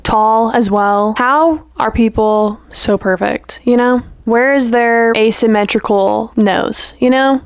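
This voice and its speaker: A woman's voice: a little high, dry recording, studio quality. A young adult woman vlogging in a casual, playful chat, gushing and peppering her talk with "like" and "you know".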